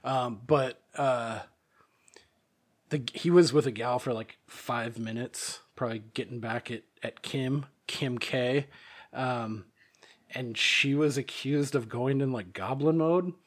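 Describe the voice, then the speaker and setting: A man's voice: medium pitch, takes it slowly, slightly rough. A married man hosting a podcast, telling a story in a rambling, profane way with plenty of fillers and restarts. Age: adult, married. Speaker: podcast host. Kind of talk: casual chat.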